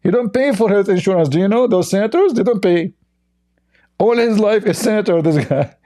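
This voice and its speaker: Mocking and scornful, a man rambles through sarcastic reaction commentary with broken grammar, speaking briskly with lively intonation. His voice is slightly high for a man, yet dark and mellow in tone.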